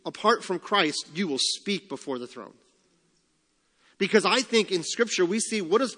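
Pastor, male, high-pitched, conversational preaching with rhetorical questions and light humor, long hall reverb. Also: a bit bright. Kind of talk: sermon.

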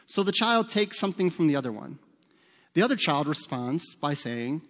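A man's voice: a little high, big pitch swings, normal speed, a bit bright. A middle-aged man preaching a sermon as pastor, talking to the congregation in a conversational, humorous storytelling way with asides to the listeners. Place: church sanctuary. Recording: long hall reverb.

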